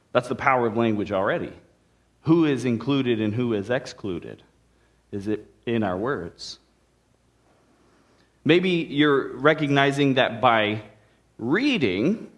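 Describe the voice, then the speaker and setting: A male pastor gives a sermon in a church sanctuary. His voice sits at a middle pitch. He talks in a relaxed, conversational way and drops joking asides to the congregation.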